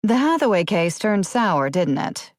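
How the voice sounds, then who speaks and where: A woman's voice: mid-range voice, very animated, measured pace, dry recording, studio quality. A woman narrator voicing a shrewd, teasing young woman who works at a police front desk.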